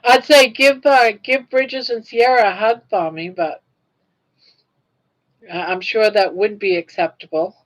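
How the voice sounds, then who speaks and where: Slow-talking older woman chatting live. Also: medium pitch, fairly even intonation, poor audio. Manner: chatty, reacts aloud to viewer comments. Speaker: livestream host. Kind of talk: casual live-stream chat.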